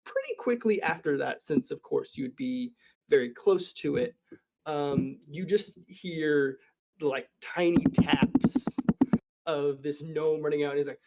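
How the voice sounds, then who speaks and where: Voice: mid-range voice, unhurried, creaky, darkish tone. A game master narrating a tabletop game, improvising with frequent fillers.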